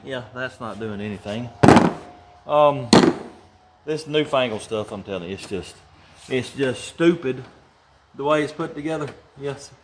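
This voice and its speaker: A man's voice: medium pitch, expressive, unhurried, pauses often, very noisy. A man hosting a garage channel, talking folksy and casual while he works, chuckling and grumbling about how things are built.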